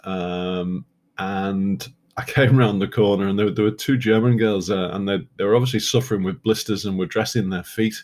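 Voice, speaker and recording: Man, british accent, lowish pitch, casual rambling travel narration, self-deprecating. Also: steady tone, moderate pace, a little mellow. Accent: British English. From Britain. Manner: chatty, self-deprecating, restarts often. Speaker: podcast host walking the Camino.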